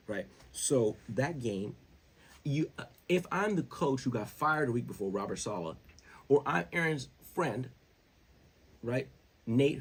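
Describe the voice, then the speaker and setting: A man hosting his own show, talking football in a casual, slangy, rambling way that gets more animated as he goes. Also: mid-range voice, husky. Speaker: show host. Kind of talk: casual sports commentary.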